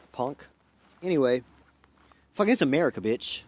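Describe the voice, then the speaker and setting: Young Louisiana guy, livestream host, foul-mouthed and scattered, pitch all over the place. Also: lively intonation, normal speed, pauses often. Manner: profane, loud and erratic, jumping between topics. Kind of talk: rambling casual livestream chat.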